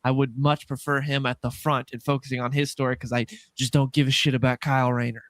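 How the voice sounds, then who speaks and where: A man co-hosting a podcast, chatting quickly with mild exasperation. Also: medium pitch, level tone, dry recording. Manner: fast, chatty, slightly exasperated. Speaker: podcast co-host. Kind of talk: casual podcast chat.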